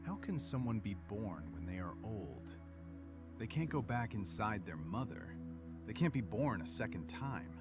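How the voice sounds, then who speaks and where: Earnest, formal scholar. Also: male voice, on the low side, very animated, measured pace, music in the background. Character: respectful male scholar questioning a teacher. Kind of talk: game voice-over.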